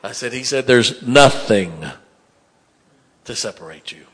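A man preaching a sermon, dropping to hushed tones and rising to loud emphatic bursts. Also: mid-range voice, animated, unhurried. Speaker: pastor.

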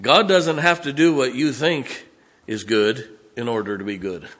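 A man's voice: medium pitch, unhurried, a bit bright. A man preaching a sermon, folksy, joking and blunt as a pastor speaking to his congregation.

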